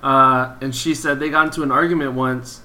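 A man's voice: medium pitch, fairly quick. A man in casual podcast chat, telling work stories with a lot of swearing. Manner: profane, animated storytelling. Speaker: podcast co-host, teacher.

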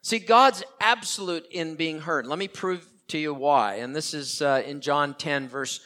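Older pastor, emphatic repeating sermon. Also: male voice, a little high, a little slow, pushed and bright. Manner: earnest, repeats key phrases for emphasis.

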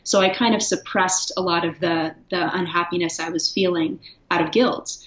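A woman's voice: fairly low pitch, fairly even intonation, normal speed, fairly bright tone. A woman guest speaking candidly and reflectively in a casual interview, laughing now and then. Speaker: guest, writer. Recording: echoey, dull lo-fi sound.

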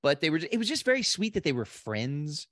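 A man's voice: a little high, big pitch swings, brisk, fairly bright tone, dry recording, studio quality. A man from Pennsylvania co-hosting a podcast, easygoing and agreeable, often restarting his sentences. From Pennsylvania, USA. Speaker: podcast co-host, comedian. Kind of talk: casual chat.

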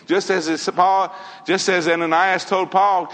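A man's voice: high-pitched, flat delivery, a little slow, fairly bright tone. A man preaching a sermon in an earnest manner, repeating key phrases and quoting scripture. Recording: long hall reverb.

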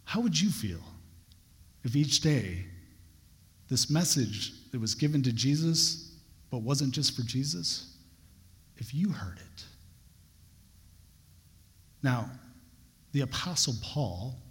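A man's voice: medium pitch, lively intonation, slow pace, long pauses. A young adult man preaching a sermon, telling a personal story with earnest, building emphasis. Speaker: pastor. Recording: long hall reverb.

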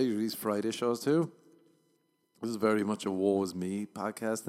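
A man's voice: lowish voice, normal speed, a little mellow. A young Irish man, a comedian hosting his own podcast, rambling in a profane, self-mocking casual monologue with a tired voice. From Ireland. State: tired voice from overuse. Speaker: stand-up comedian and podcast host.

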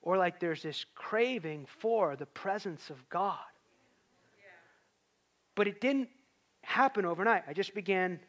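A man's voice: high voice, a bit bright. A man preaching a sermon in a conversational way, rising to emphatic peaks.

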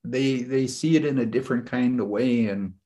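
A man with a medium-pitched, mellow voice speaks at a moderate pace while leading a group session as a spiritual teacher. Casual and earnest, he tells personal stories, rambling with frequent "you know"s and restarts.

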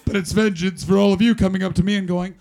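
A man from Canada doing stand-up crowd work on a club stage, brash and profane, mocking the audience with quick banter. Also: high voice, steady tone, creaky. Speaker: stand-up comedian. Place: comedy club stage before a live audience. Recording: live club with loud crowd. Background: audience laughter.

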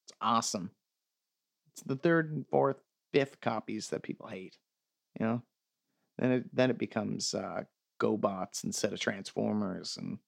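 Profane, sarcastic man with lively pitch. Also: normal speed, creaky, pauses often, no room sound. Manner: sarcastic, profane mock-ranting. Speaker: podcast host. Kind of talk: comedic podcast reading listener emails.

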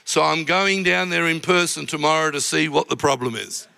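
A man preaches at a moderate pace in a fairly high, gravelly voice that sounds pushed and bright. As pastor of a large church auditorium, he recounts personal stories with feeling until he breaks into impassioned cries, captured with long hall reverb.

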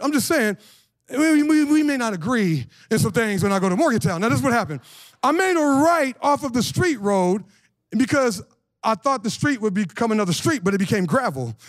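A man in his forties preaching a lively conversational sermon as pastor, slangy and animated, asking the congregation questions. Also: extremely high pitch, no room sound.

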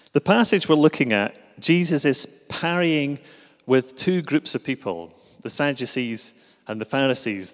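A man from Scotland with a Glasgow accent, preaching a relaxed, self-deprecating sermon in a church. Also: mid-range voice. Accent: Glaswegian. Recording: reverberant hall.

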